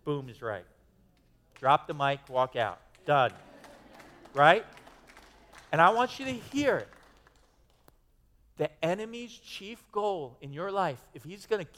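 A man's voice: fairly high pitch, fairly bright tone. A male pastor preaching a sermon in a church, in an emphatic, conversational way with many restarts. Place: church sanctuary. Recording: long hall reverb.

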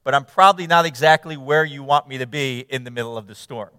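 A man preaching a sermon, reading scripture with emphatic retelling and praying in a hushed tone. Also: a little high, a little fast, dry recording, clean studio sound, long reverb tail. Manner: earnest, emphatic, drops to a hushed tone in prayer. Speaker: pastor.

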